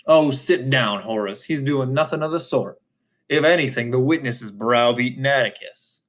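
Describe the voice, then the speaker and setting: A man's voice: mid-range voice, normal speed, fairly bright tone, natural voice. A man reading aloud, voicing a wry older judge with dry, brusque authority. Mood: amused.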